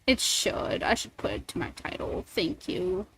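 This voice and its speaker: A woman's voice: medium pitch, unhurried, creaky, fairly bright tone, slight background noise. A woman streamer chatting casually and rambling, swearing freely between thoughts. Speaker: streamer and voice actor. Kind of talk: casual livestream chat.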